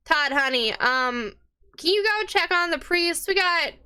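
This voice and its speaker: A woman's voice: extremely high pitch, animated, unhurried, pushed and bright, voice pushed up, exaggerated voice. A woman voicing a chatty middle-aged innkeeper's wife who fusses over her husband in a tabletop game. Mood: fussing.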